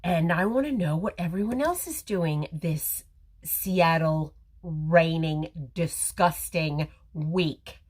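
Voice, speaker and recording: A woman's voice: sits low, takes it slowly, darkish tone, breathy edge. A middle-aged woman hosting a casual live makeup tutorial, chatty and rambling as she talks to viewers on her phone camera. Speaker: makeup livestream host. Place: home or salon with ring light.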